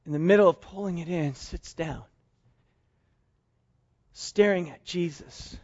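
High-voiced storytelling pastor. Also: male voice, unhurried, muffled recording. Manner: lively storytelling, acts out dialogue. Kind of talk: sermon.

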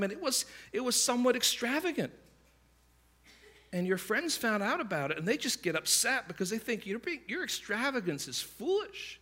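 A man preaching a sermon, telling stories in a conversational way and acting out the voices of the people in them. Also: high-pitched. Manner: conversational, animated storytelling with quick asides; acts out quoted voices. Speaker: pastor.

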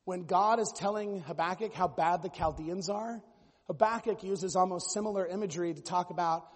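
A man preaching a sermon as pastor, animated and at times mimicking other voices. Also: high-pitched, normal speed, breathy edge, long reverb tail.

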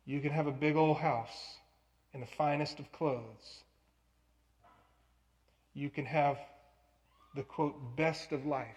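Earnest preacher in a reverberant hall. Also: male voice, a little high, steady tone, takes it slowly, pauses often. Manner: earnest storytelling preacher with sudden loud emphatic bursts. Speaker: pastor. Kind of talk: sermon.

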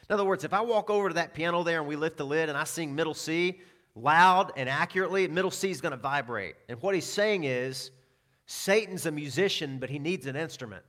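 A man preaching a sermon as pastor, telling personal stories with self-deprecating asides and dropping to a hushed tone for scripture. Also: a little high, lively intonation, fairly quick.

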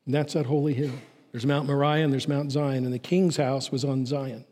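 A man preaching a sermon as pastor, swinging from raised, urgent lines to low, quiet ones. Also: fairly even intonation, moderate pace, long reverb tail. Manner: preaching with rising and falling intensity, dropping low and soft on key lines.

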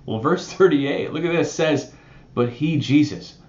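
A fairly high-pitched man, a pastor, preaches a little slowly in a reverberant space, and the sound is muffled. As he explains a Bible passage, his delivery stays conversational and animated, peppered with "right?"

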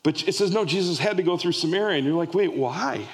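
A man preaching a sermon, retelling a story in an animated way with frequent restarts. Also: sits high, fast, big-room sound.

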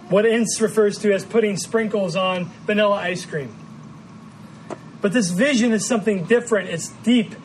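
Midwestern american guy preaching, pretty high voice, earnest and measured, bit of faint noise behind. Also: poor audio. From Midwestern United States. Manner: earnest, measured, with frequent repeated words. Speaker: pastor. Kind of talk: sermon.

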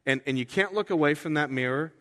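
A man preaching a sermon as pastor, talking in a conversational way and acting out quoted voices with sudden jumps in pitch. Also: quick pace, bright, forceful tone. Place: church sanctuary. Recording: reverberant hall.

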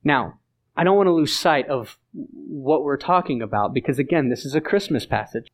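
A man's voice: medium pitch, animated, normal speed. Earnest man preaching a sermon. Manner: earnest, emphatic, conversational preaching with repeated phrases. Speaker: pastor.

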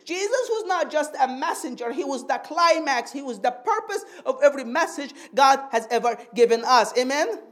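A woman preaching a sermon in a teaching tone, often asking her listeners for an amen and slowing down on key phrases. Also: sits high, animated. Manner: draws out key phrases slowly for emphasis.

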